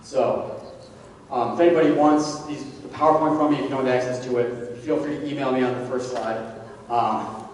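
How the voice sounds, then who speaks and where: A man's voice: medium pitch, steady tone, a little fast, a little mellow. A man giving a casual talk to parents as a therapist, speaking conversationally with lots of fillers. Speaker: addiction therapist presenting. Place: large echoey hall. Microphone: distant from the recorder. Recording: echoey hall from far off, faint background hum.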